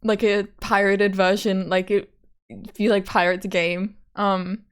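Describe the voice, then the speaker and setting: A woman's voice: medium pitch, little pitch movement, unhurried, clean tone. A young woman streamer giggling and swearing casually while playing and reading game dialogue aloud.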